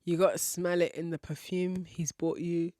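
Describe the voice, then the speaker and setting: A woman's voice: fairly low pitch, little pitch movement, normal speed, warm tone, dry recording, clean studio sound. A woman hosting a podcast, giving frank relationship advice in a candid style, swearing casually and laughing often. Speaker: podcast host.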